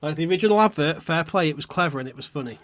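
Man, co-host, crude banter, sweary, laughs a lot, slightly high voice, very lively pitch. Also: racing. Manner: sweary, laughs often, breaks into impressions.

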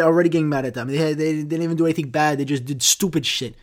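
A young man hosting his own podcast, reading articles aloud and riffing on them. His voice sits a little high for a man. He curses constantly, flares into loud, exasperated outbursts, then drops into low, trailing mutters. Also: fairly even intonation, rapid-fire. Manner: profane, ranting, swings between loud outbursts and mumbling. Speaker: podcast host. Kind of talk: casual solo podcast rant.

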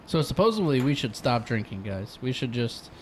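A man's voice: mid-range voice, big pitch swings, moderate pace, slight background noise. A young man hosting a casual podcast with friends, running the segments in a loose, joking way. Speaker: podcast host.

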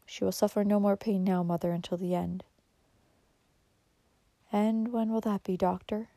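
A woman voicing a grave, quiet doctor. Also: mid-range voice, steady tone, moderate pace, dry recording, lightly acted. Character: grave male doctor, calm and somber.

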